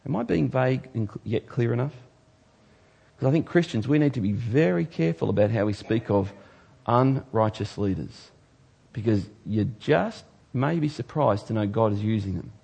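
A man's voice: mid-range voice, expressive, moderate pace, creaky, husky. Emphatic male preacher. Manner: emphatic, swinging from loud to hushed. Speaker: pastor. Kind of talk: sermon.

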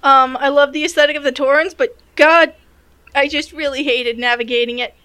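A woman's voice: sits high, steady tone, a little fast, pushed and bright. A woman in a casual gaming chat over a call, talking bluntly and swearing as she vents. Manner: blunt, swears when venting.

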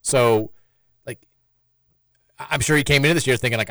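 A man's voice: mid-range voice, normal speed, long pauses, a bit bright, dry recording. A man hosting a sports radio show in casual chat, with a sarcastic, dry joking manner.

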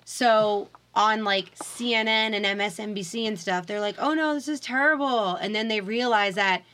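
A woman's voice: medium pitch, moderate pace. A woman co-hosting a podcast, chatting casually and rambling with lots of "like" as she retells stories. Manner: rambling, heavy use of "like", animated retellings. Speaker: podcast co-host. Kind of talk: casual chat.

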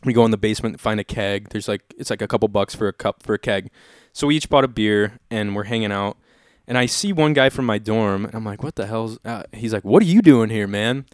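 Smooth-voiced young man, laid-back storyteller. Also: on the low side, steady tone, a little fast, no echo, clean studio sound. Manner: laid-back, swears freely, heavy filler words. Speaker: podcast host. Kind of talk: casual storytelling chat.

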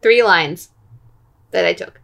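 A woman co-hosting a casual podcast, quizzing her partner on song lyrics, teasing and reading lines slowly. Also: fairly low pitch, creaky, a bit bright. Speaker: podcast co-host. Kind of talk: casual chat, lyric guessing game.

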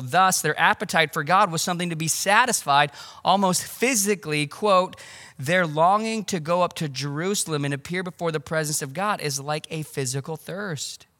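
A man preaching a sermon as pastor, conversational and animated, with casual asides. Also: on the high side, long reverb tail. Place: church.

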